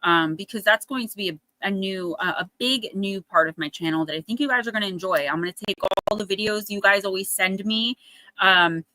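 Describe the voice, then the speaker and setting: Chatty woman with a bright voice. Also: medium pitch, fairly quick, rough recording. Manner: chatty storytelling, acts out quotes in a raised voice. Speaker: oracle card reader and livestream host. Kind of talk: casual chat on a live stream.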